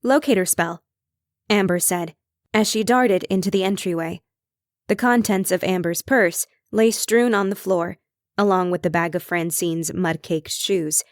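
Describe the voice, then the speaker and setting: A woman reading an audiobook in measured, even scripted narration. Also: on the low side, no echo, clean studio sound.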